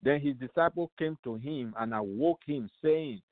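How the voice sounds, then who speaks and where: A man's voice: mid-range voice, moderate pace, no echo. A man preaching on a call-in radio show, his voice coming through a thin, narrow phone line with a dry, close sound. He presses his points emphatically, repeats his phrases and keeps asking rhetorical questions.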